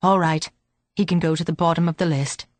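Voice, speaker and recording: A woman voicing a brisk, thoughtful police chief inspector who asks clipped, businesslike questions. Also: on the high side, steady tone, no room sound, close to an everyday voice.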